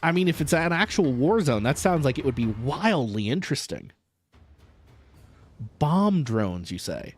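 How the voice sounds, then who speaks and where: A man's voice: fairly high pitch, unhurried, breathy edge. An American man streaming a game live, chatting and joking with his viewers in a loose, playful way. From United States. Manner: jokey, animated, chatting with viewers. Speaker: vtuber streamer. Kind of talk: casual live-stream chat while gaming.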